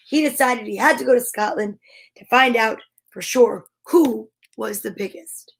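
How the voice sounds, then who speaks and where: Give me a playful woman reading storybooks. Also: fairly high pitch. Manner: playful, animated, chatty asides. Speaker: storytime host. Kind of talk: reading a children's storybook aloud.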